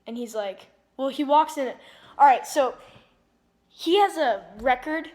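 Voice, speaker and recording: A woman with a slightly high voice retells a movie plot in a loose, rambling way. She leans on "like" constantly and often backs up to fix what she just said. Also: unhurried, a little mellow. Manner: rambling, heavy use of "like", frequent restarts. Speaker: movie reviewer.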